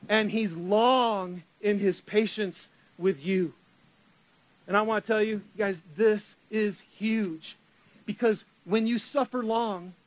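A man in his forties preaching a sermon, animated, with sarcastic asides, dropping to a hush and then rising loud. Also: high voice, no echo. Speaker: pastor.

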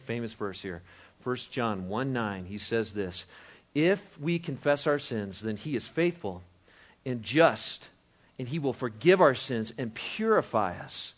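A man preaching a sermon as pastor, conversational and animated, moving from hushed to loud and emphatic. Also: lowish voice. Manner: conversational with frequent restarts and chuckles.

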